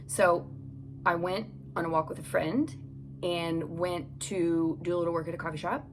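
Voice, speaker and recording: A woman's voice: on the low side, steady tone, normal speed, slight background noise. A woman hosting a devotional podcast, chatting casually and reading scripture aloud while recording in a home closet. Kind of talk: casual devotional Bible teaching.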